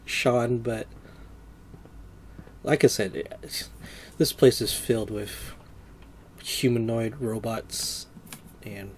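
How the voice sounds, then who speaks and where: Let's-play host: chatty male gamer, jokey surprised reactions, mid-pitched voice. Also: steady tone, slow pace, long pauses, a little mellow, a little hiss or hum. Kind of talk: casual gameplay commentary.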